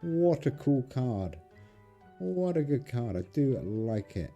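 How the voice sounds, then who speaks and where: This man speaks at a medium pitch, slowly and with a warm tone, yet he's very animated, with faint music in the background. Hosting a game channel, he talks to his viewers in a chatty, casual way as he plays cards.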